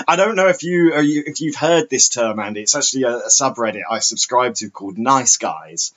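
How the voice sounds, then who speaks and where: A man who is a guest on a podcast in casual chat, laughing often and telling stories with animated quoting. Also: medium pitch, a little fast, few pauses. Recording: dull lo-fi sound.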